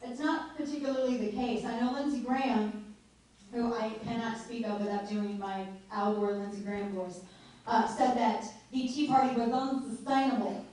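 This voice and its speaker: A woman's voice: a little high, fairly even intonation, brisk, mellow. Chatty woman speaking in an echoey hall. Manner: chatty and joking, laughs often. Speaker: guest speaker at a political meeting. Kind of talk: informal speech to a live audience. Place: meeting hall. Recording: echoey hall heard from far off.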